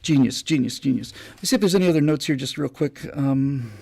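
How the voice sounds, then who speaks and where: A man hosting a live stream, telling an anecdote in a casual, animated way with many restarts. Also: mid-range voice, brisk, vocal fry. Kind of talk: casual storytelling monologue.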